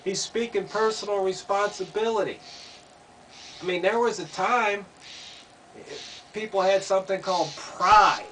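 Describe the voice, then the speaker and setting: A man's voice: high-pitched, fairly bright tone. A man giving an opinion monologue, asking pointed rhetorical questions and repeating himself. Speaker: commentator. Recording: distant mic, faint background noise.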